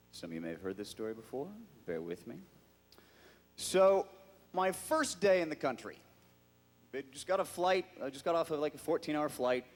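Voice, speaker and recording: A man's voice: medium pitch, in a large hall. A man, a guest actor on a convention stage, telling a comic anecdote to a live audience and acting out the quotes in whiny voices.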